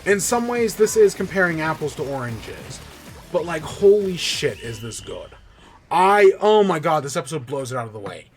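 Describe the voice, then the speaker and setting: Male podcast host, higher-pitched, enthusiastic rambling recap style, casual swearing, faint background music. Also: moderate pace. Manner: excited, rambling, swears freely.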